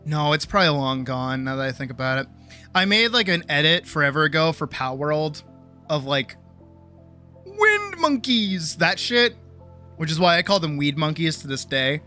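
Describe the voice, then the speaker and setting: Low and fairly quick, a woman's voice carries casual stream chat laced with profanity and jokes at her own expense. She's lively throughout, and there's faint music in the background.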